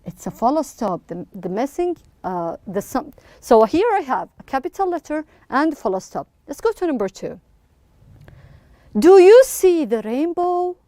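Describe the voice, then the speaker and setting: A woman's voice: fairly high pitch, very animated, moderate pace, darkish tone, dry recording, clean studio sound. A woman teaching an English lesson to young pupils, prompting with questions and praising answers encouragingly.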